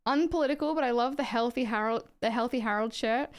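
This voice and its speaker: An Australian woman on a live stream talks in a loose, rambling way. She reacts to her chat and swears without a second thought. Her voice is smooth and clear and sits a little high. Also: fast.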